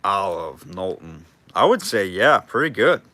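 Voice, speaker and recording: Male auctioneer for a live online sale, chatty and jokey, bright forward voice, calls bids in between banter. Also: low voice, very animated, measured pace, no echo. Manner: chatty, jokey, reads out bids and names viewers.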